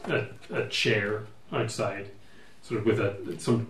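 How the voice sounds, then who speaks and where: A man's voice: lowish voice, steady tone, slow pace, a bit bright. A man narrating as game master of a tabletop game, rambling and hesitant with many fillers. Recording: echoey room with faint ambient noise.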